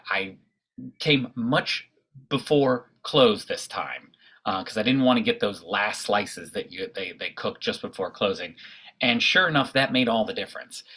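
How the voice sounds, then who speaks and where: A man tells a story in a live performance, his bright, forceful voice at a middle pitch. He talks in a halting way, with lots of fillers and restarts. The sound is that of a video call. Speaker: storyteller, pizza blogger.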